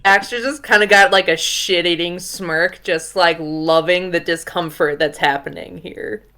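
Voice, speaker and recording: A woman's voice: lowish voice, fairly even intonation, a little slow, pushed and bright. A woman player in a tabletop game, describing her character's actions in a wry, casual way.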